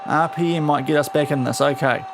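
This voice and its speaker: A young man streams a football management game, offering casual commentary and scolding his virtual players in exasperation. His voice is on the high side, steady in tone and brisk, with background noise present.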